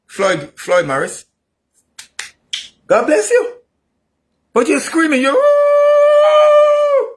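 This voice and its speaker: A man delivering an opinionated political monologue, repeating himself emphatically and rising into shouts. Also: very high-pitched. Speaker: political commentator.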